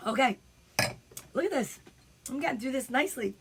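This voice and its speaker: Chatty high-voiced New woman. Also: moderate pace, a little hiss or hum. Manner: animated, chatty, frequent asides. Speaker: comedian. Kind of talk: casual storytelling livestream. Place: at home.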